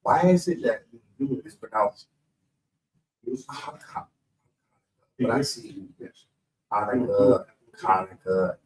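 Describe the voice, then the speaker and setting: A man's voice: medium pitch, lively intonation, slow pace, long pauses, a little mellow, rough recording. A man from the audience asking hesitant questions.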